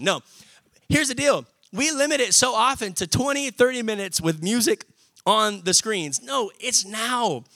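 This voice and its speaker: A young man preaching a sermon, energetic and conversational, often calling out to the congregation. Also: high voice, a little slow, no room sound. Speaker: pastor.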